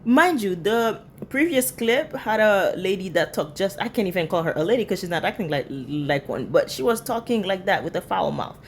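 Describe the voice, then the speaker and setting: A woman's voice: mid-range voice, expressive, normal speed, hardly any pauses, slight background noise. A woman hosting a reaction video, commenting in a disapproving, lecturing way. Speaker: commentary channel host.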